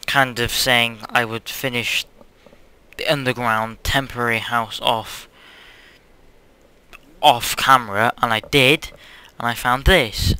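A man's voice: mid-range voice, bright, forceful tone, smooth. A young man hosting his own gaming channel, chatting casually over gameplay in a hyperactive, silly, rambling way.

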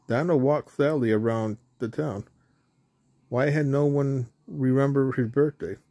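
A man reading a children's storybook aloud in a mellow, mid-pitched voice. His pace is unhurried and plain, with now and then a small slip or restart. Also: no room sound. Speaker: storybook reader.

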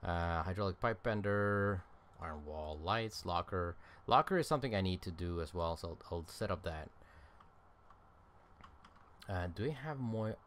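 This tired, yawning game streamer has a low, somewhat bright voice that is expressive, at normal speed. His casual let's-play commentary rambles as he thinks aloud with plenty of ums and uhs. A little hiss or hum is audible.

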